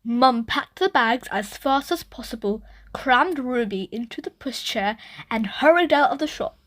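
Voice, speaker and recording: A woman reads a children's picture book aloud in a high, bright voice. Her storytelling is lively and expressive, taken at an unhurried pace with wide swings of pitch. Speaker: storybook reader.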